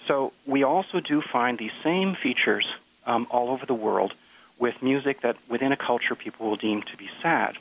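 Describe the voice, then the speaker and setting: A man being interviewed as a music researcher, explaining thoughtfully with frequent halting restarts. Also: medium pitch, creaky. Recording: dull lo-fi radio sound.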